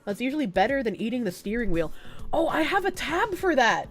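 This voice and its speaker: A woman's voice: a little high, very animated, a little fast, faint music behind. Giggly stuffy-nosed woman streamer. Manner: soft-spoken, not loud, giggly, swears casually. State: stuffy nose. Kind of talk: casual live-stream chat, reading chat messages aloud.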